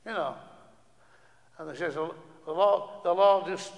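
A man's voice: sits high, a little slow, vocal fry, dull audio. A man preaching a sermon, stumbling over restarts and asking the listeners rhetorical questions. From northern England. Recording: long hall reverb.

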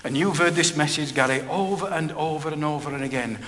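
A man's voice: fairly high pitch, brisk, fairly bright tone. A middle-aged man preaching a personal testimony sermon. He speaks earnestly and plainly, often repeating phrases. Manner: earnest, plain-spoken, with frequent repetition. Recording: reverberant hall with faint background noise.

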